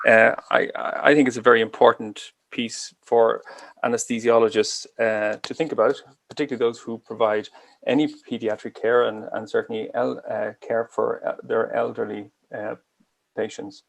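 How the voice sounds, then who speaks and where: A man with an Irish accent giving an online medical lecture over a video call, speaking deliberately slowly and carefully. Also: mid-range voice, little pitch movement, vocal fry. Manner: deliberately slow and careful delivery. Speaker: guest lecturer.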